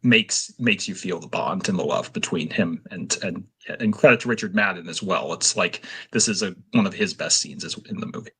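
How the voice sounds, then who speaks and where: Low husky guy on a movie podcast, punchy bright voice, earnest and full of you-knows. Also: moderate pace. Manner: earnest and emotional, heavy on fillers. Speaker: podcast co-host. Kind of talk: casual film discussion.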